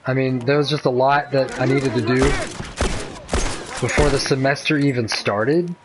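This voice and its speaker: A man's voice: mid-range voice, fairly even intonation, normal speed, noisy background. Laid-back, cursing young man. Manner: laid-back, profane, rambling. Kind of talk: casual chat while gaming.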